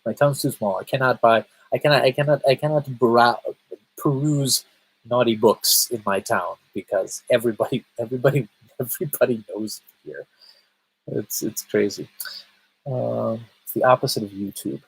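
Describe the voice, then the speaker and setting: A man's voice: mid-range voice, fairly even intonation, normal speed, creaky, slightly rough, poor audio. A man chatting casually on a live stream, rambling and stammering, answering viewers' comments. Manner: rambling, stammers and restarts often; chats with viewers, reading their comments. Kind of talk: casual livestream chat.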